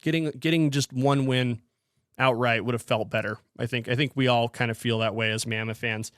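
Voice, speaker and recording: A man's voice: mid-range voice, steady tone, normal speed, a bit bright, no room sound, studio quality. A man hosting a casual solo hockey podcast, rambling with frequent restarts and fillers. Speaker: podcast host.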